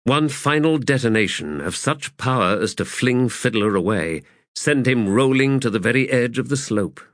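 A man narrating a fantasy novel in a measured, deliberate way. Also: mid-range voice, expressive, a bit bright, dry recording, studio quality. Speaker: audiobook narrator.

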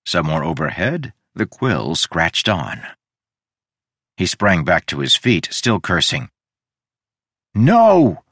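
A man with a very deep, low voice narrating an audiobook. His delivery is expressive and dramatic, with a lively pitch that rises and falls. The recording is close and dry. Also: takes it slowly, dry recording. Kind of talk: scripted narration.

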